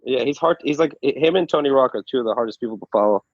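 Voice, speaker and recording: Stammering comedian, dry and lo-fi. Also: male voice, mid-range voice, fast talker, no echo. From Saudi Arabia then the U.S. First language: Arabic. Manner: stammering, restarts, swears freely, laughs often. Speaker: stand-up comedian, guest. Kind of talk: casual interview chat. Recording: dull, lo-fi sound.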